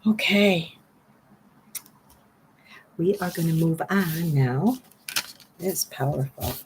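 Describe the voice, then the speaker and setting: Slow, low-voiced middle-aged woman, earnest card reader pleading with viewers, faint hiss behind. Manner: earnest, pleading, repeats phrases. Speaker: channeler giving card readings. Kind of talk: spiritual card reading, talking to viewers.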